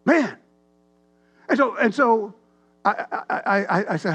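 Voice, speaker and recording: A man, a pastor telling a rambling, animated story in a sermon. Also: very high-pitched, normal speed, pauses often. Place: church sanctuary.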